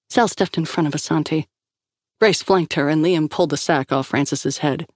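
A woman's voice: low-pitched, fairly quick, darkish tone, no room sound. Woman narrating a story in a dry close studio. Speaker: audiobook narrator. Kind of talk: scripted narration.

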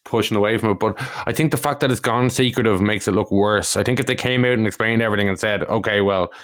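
Low-voiced man chatting. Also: quick pace, no room sound. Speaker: podcast co-host. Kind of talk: casual podcast chat.

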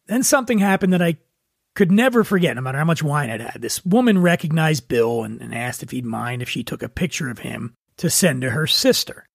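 A man hosting a storytelling show, telling his own story in a relaxed, wry, conversational way. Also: on the high side, a little fast, vocal fry, dry recording, studio quality. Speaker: podcast host. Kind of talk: storytelling monologue.

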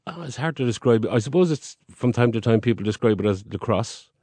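A man's voice: medium pitch, animated, a little fast, mellow, no room sound. A middle-aged man with a Cork Irish accent, a guest in a casual conversation. He explains things earnestly and with pride, at some length. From Cork, Ireland.

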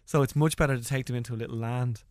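An Irish man, a comedian being interviewed, telling stories in lively casual chat and acting out voices as he goes. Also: mid-range voice, racing, no echo, clean studio sound. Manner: animated storytelling, acts out voices, laughs often. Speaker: comedian guest.

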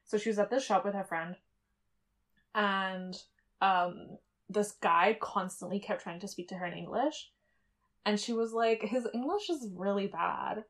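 A woman in Germany co-hosts a podcast, chatting casually with plenty of fillers and frequent laughter. Her mid-range voice is a bit bright, with fairly even intonation, an unhurried pace and long pauses.

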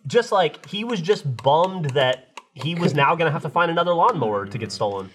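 A man co-hosting a casual podcast chat, telling a story in an animated way and acting out the other people's lines. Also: on the high side, a little fast, slight background noise. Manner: animated storyteller, acts out quotes. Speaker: podcast co-host.

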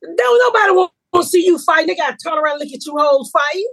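A woman's voice: very high voice, lively intonation, fast talker, fairly bright tone, no echo, low-quality recording. A middle-aged woman hosting a podcast, telling stories in a brash, profane, comedic way. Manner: brash, profane storytelling with big laughs. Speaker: podcast host. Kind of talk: casual comedic chat.

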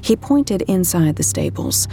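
A woman's voice: on the low side, very animated, a little slow, dark tone, faint music behind. An actress playing a troubled female agent who narrates her own story in first person in an audio drama. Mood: tense. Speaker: narrator and lead character.

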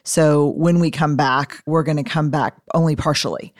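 Upbeat woman hosting with rapid-fire questions. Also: low-pitched, fairly even intonation, no echo, clean studio sound. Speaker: podcast host. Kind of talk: conversational interview.

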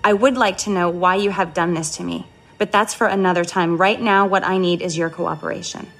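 A cold, scheming sister. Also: female voice, on the low side, brisk. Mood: coldly menacing. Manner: calm and menacing. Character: cold, scheming woman confronting her sister. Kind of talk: film drama acting.

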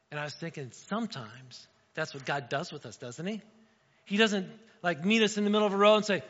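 A male pastor preaches a sermon in a bright, forceful voice, pitched a little above most men's. He keeps it conversational and keeps checking in with "right?" The sound is dull and lo-fi, with a long reverb from the hall around him. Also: a little fast. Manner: conversational, frequent "right?" asides.

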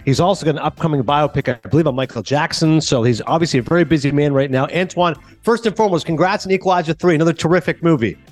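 A man's voice: fairly high pitch, soft background music. A man who is a film critic and podcast host, telling a casual story and acting out the dialogue, then interviewing a guest. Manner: animated, quick, acts out dialogue.

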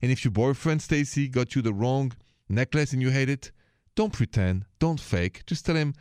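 A man's voice: medium pitch, animated, moderate pace, darkish tone, clean tone, no room sound, clean studio sound. A middle-aged man with a thick Parisian French accent, hosting a radio advice show in a chatty, playful way and slipping in French words. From France.

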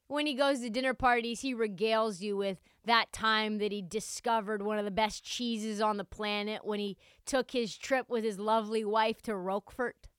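A young woman hosting a solo sports podcast, talking in a sarcastic, animated, joking way. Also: mid-range voice, clear, resonant tone, dry recording, clean studio sound. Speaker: podcast host.

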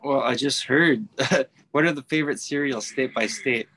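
An easygoing man musician from Wisconsin chats as a podcast guest. He drops dry one-liners in a plain, middle-pitched voice. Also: moderate pace, sharp tone, breathy edge, low-quality recording. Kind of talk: casual interview chat.

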